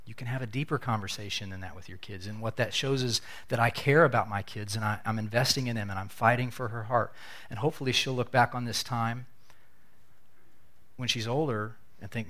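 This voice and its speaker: A man's voice: medium pitch, normal speed, fairly bright tone. A middle-aged man preaching a sermon in an earnest, conversational way, often repeating words as he restarts. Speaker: pastor.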